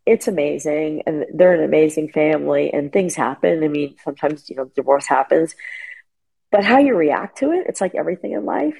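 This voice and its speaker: A middle-aged woman sharing emotional personal stories as an interview guest over a remote call, animated and full of fillers. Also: low-pitched, brisk, creaky, breathy edge, poor audio. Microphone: remote call connection.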